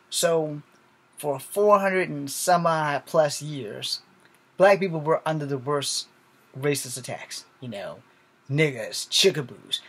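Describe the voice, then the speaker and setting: A man talking casually to his viewers in a blunt, rambling monologue, swearing freely and checking in with "all right?" asides. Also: on the high side. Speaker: video host.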